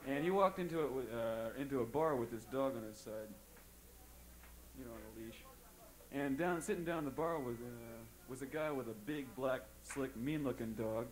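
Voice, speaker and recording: A man's voice: medium pitch, normal speed, low-quality recording. A man on a concert stage telling a rambling joke, stalling with fillers and losing his thread, into a stage microphone. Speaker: comedian.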